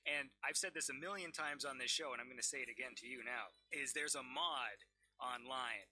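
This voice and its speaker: A man's voice: medium pitch, a little fast, bright, forceful tone, slightly rough, dry recording, faint music behind. A man hosting a stream, chatting casually and enthusiastically with a guest. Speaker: host.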